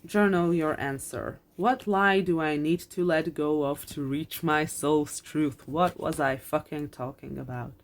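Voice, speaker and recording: Low-voiced woman giving a card reading. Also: unhurried, few pauses. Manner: earnest and reassuring, repeats phrases, swears casually. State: close to tears. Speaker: tarot card reader. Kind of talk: pick-a-card reading, spoken to viewers.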